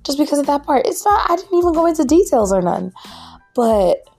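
Tired woman podcaster recapping a show, lots of vocal fry, animated and laughy, faint music under. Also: high-pitched, brisk. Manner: animated, laughs often, acts out characters' lines. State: tired late at night. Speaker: podcast host reviewing a drama episode. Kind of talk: casual recap chat.

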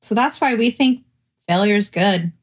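A woman's voice: medium pitch, normal speed. A woman co-hosting a podcast, telling stories in casual chat with lots of fillers. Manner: chatty, animated storytelling with many fillers. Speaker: podcast co-host; real estate agent.

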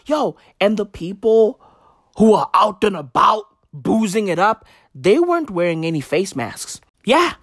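A woman's voice: medium pitch, no echo, studio quality. A woman from South Africa delivering a sarcastic comedic rant, mock-serious, full of street slang and swearing.

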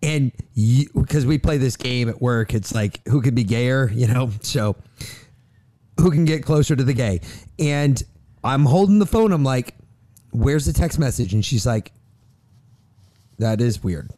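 A man's voice: medium pitch, lively intonation, a little slow, long pauses, warm tone. A man co-hosting a podcast, telling a story in a crude, joking, casual way. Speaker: podcast co-host.

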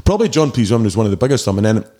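A Scottish man in his forties, a DJ telling rambling, animated stories in a casual interview and mimicking shouts. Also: fairly low pitch, very fast. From Scotland. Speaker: DJ guest.

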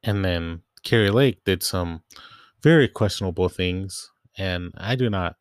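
A man's voice: deep voice, a little slow, no echo, clean studio sound. A young man casually telling a rambling story about his grocery job, quoting coworkers and filling with "like". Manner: rambling, quotes coworkers, frequent "like". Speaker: grocery store worker.

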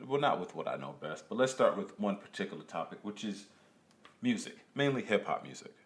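A man's voice: fairly low pitch, big pitch swings, fairly quick, breathy edge. A man hosting a solo podcast, talking casually and profanely, rambling and stammering through restarts, with rhetorical questions to the listener. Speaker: podcast host.

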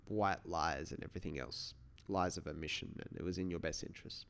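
A man's voice: low-pitched, a little fast, creaky, a bit bright. A man hosting a solo podcast, talking in a casual, rambling way with many restarts. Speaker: podcast host.

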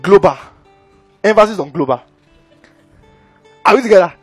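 A man's voice: high-pitched, lively intonation, a little fast, slightly rough, no room sound, soft background music. A man preaching a sermon, who keeps checking in with his audience. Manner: engaging, keeps asking the audience "are we together, guys?".

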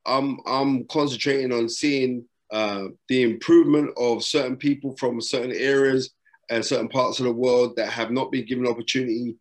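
A man's voice: medium pitch, fairly even intonation, normal speed. A middle-aged man, a boxing broadcaster guesting on an interview, giving motivational advice in an emphatic, repetitive, preacherly way with street slang, speaking from a hotel room. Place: hotel room during lockdown.

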